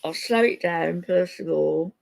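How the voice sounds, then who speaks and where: Gravelly older woman scolding viewers. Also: on the low side, unhurried, darkish tone. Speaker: livestream host. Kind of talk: casual livestream chat.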